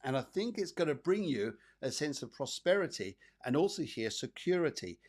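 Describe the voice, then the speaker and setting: A man's voice: on the high side, big pitch swings, normal speed, a little mellow. A man hosting a live psychic show, reading cards for viewers in a rambling, chatty way with many repeats and fillers. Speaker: psychic medium host.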